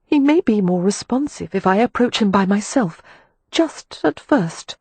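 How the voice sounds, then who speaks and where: Woman doing amelia, firm bossy big sister, bit higher, husky, dry. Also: lively intonation, darkish tone, no room sound. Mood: urgent. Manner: brisk, firm, exasperated. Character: practical, protective eldest sister, young woman.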